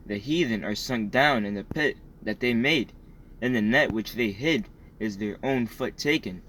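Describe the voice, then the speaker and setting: A man reading Bible verses aloud in a measured, formal way, first announcing book, chapter and verse. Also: fairly low pitch, fairly bright tone, slight background noise, poor audio. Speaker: scripture reader.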